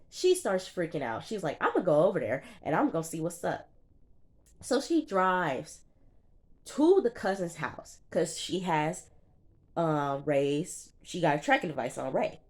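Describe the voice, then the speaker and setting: Low-voiced woman recapping reality TV. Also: a little mellow. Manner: sassy and chatty, talking straight to the viewer. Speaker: TV reviewer. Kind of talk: casual reality-show recap.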